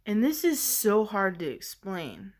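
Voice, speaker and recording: A woman shares a deeply personal story on her vlog at an unhurried pace. She talks in a halting, searching way, filling pauses with "like" and "you know." Her tone is earnest and emotional. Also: big pitch swings, a little mellow. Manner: halting and searching, heavy use of "like". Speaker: vlogger.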